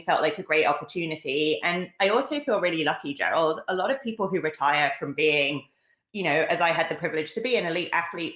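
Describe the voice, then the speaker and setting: British woman, lowish voice, echoey room. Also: fairly bright tone. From London, England. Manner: articulate, many fillers. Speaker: guest. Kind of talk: casual interview talk.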